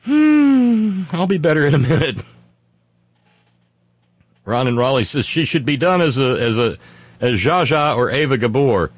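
A man's voice: mid-range voice, normal speed, pauses often, no room sound. A man hosting a comedy talk stream, reading viewer comments with sardonic, profane asides.

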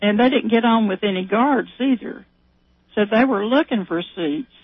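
A woman's voice: on the high side, normal speed, breathy edge, no room sound. Woman caller, chatty and rambling, dry phone-line sound. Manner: rambling retelling with many fillers. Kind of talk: casual chat.

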